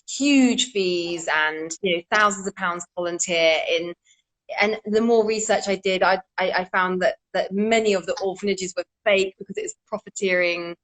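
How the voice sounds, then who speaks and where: A woman's voice: lowish voice, a bit bright, low-quality recording. A woman from the UK, a charity founder, telling her story earnestly over a video call. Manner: earnest, with frequent restarts. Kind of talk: casual interview storytelling.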